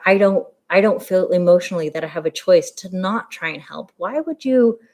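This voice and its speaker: A woman's voice: fairly low pitch, darkish tone. A young adult woman talking candidly and emotionally in a personal vlog, rambling with fillers. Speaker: vlogger.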